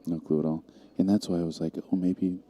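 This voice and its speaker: A man's voice: sits low, steady tone, fast, warm tone. A man calling a live pool match in an easygoing, dry play-by-play manner. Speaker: pool commentator. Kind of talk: live stream commentary.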